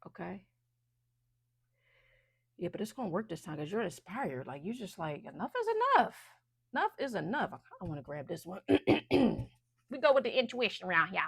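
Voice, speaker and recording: A woman's voice: fairly low pitch, animated, normal speed, vocal fry, pauses often, slightly rough, no echo. A woman giving a casual, chatty intuitive card reading, loose and full of fillers. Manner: chatty, loose, many fillers and restarts, laughs often.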